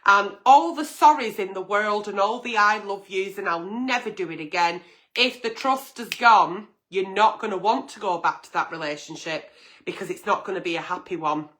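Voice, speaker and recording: A woman's voice: mid-range voice, moderate pace, fairly bright tone. A woman hosting a late-night agony-aunt stream, answering viewer letters bluntly and frankly, swearing freely. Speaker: host reading viewer letters.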